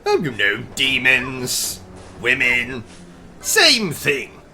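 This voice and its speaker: British male game host, pompous and slow-spoken with a very bright tone, faint music behind. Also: mid-range voice, wildly swooping pitch. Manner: pompous, theatrical, exclamatory. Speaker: gaming channel host. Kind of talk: comedic let's-play commentary with skits.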